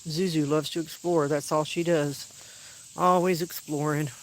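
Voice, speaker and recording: A dog owner chatting casually on a livestream from an outdoor backyard, rambling and now and then shouting to call the dogs. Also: mid-range voice, fairly even intonation, measured pace, slight background noise, rough recording.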